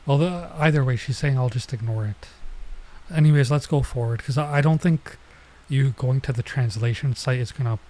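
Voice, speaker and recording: A man on a casual live stream reading a manga and translating it, halting and explaining as he goes. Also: mid-range voice, dark tone, low-quality recording.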